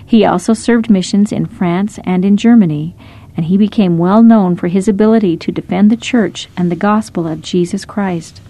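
A woman narrating short scripted stories in a gentle, measured storytelling manner. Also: medium pitch.

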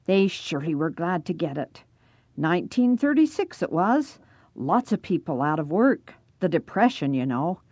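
A woman voicing a very old man with a raspy voice, asking sharp, probing questions in a storybook reading. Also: fairly low pitch, big pitch swings, moderate pace, dry recording. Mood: gruff.

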